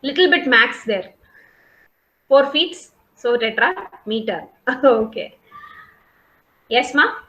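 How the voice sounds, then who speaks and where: A woman's voice: sits high, expressive, slow pace, pauses often, sharp tone, echoey room, muffled recording. A woman, giving an online class as a college lecturer, explaining patiently and often checking "okay?". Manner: explains patiently, repeats points, asks "okay?" and "got it?" often. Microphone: video call.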